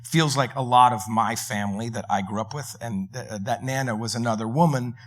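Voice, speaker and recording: A man on a film panel, telling lively anecdotes with quick asides and laughs. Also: medium pitch. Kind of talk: panel discussion storytelling.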